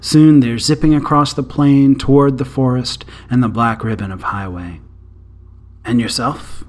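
Calm man narrating a short story. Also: mid-range voice, normal speed.

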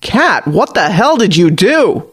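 A man's voice: fairly high pitch, normal speed, no room sound, studio quality, lightly acted. A man doing a blunt, riled bartender. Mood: shocked. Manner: blunt and exasperated. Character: gruff male bartender and EMT, easily riled.

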